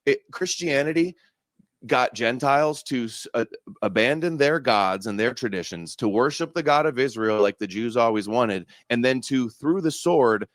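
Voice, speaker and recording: A man's voice: mid-range voice, expressive, moderate pace, no echo. A man speaking as a guest, arguing his points in an earnest, argumentative way. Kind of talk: podcast discussion.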